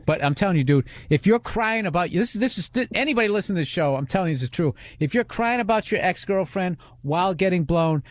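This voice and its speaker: A man's voice: high-pitched, expressive, quick pace, hardly any pauses. A man hosting a comedy podcast in casual chat, telling crude, rambling stories full of restarts.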